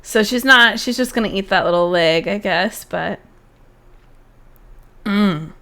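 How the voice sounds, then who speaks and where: A woman's voice: mid-range voice, unhurried, bright, forceful tone. Woman streamer, casual live chat, blunt and profane. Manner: blunt, swears freely. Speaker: streamer reacting to videos.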